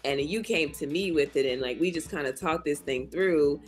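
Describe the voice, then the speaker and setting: A woman's voice: low voice, fairly quick, faint music behind. A woman hosting a casual chat, talking in an affirming, personal way with many fillers. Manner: warm, affirming, chatty with fillers.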